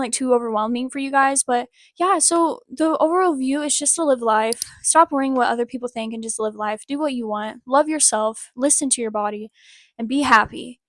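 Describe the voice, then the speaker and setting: A woman vlogger talks straight to her viewers in a casual, heartfelt update, her voice sitting a little on the high side. She rambles warmly and earnestly, sprinkling in "like" as she goes. The sound is close and dry, with no room around it. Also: no echo. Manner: earnest and encouraging, rambling with many "like" fillers. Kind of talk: casual personal update to camera.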